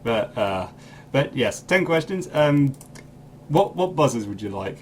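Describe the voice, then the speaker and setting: Male podcast quiz host, mid pitch, rambling and self-mocking, faint hiss behind. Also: very animated, unhurried. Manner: rambling, self-deprecating, laughing often. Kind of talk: casual podcast chat.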